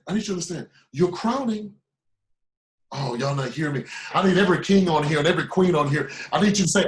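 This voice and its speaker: A man with a high voice delivering a motivational speech as a mentor. He preaches and repeats himself, swinging from loud, pushing exhortation to hushed asides. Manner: preachy, repetitive, swings between loud urging and low asides. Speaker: business mentor.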